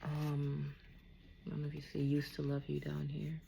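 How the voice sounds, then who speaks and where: With a deep voice, completely flat delivery, and vocal fry, a woman speaks at a moderate pace against a noisy background. Her casual spiritual card reading is aimed at an unseen listener, whom she reassures while repeatedly asking "okay?"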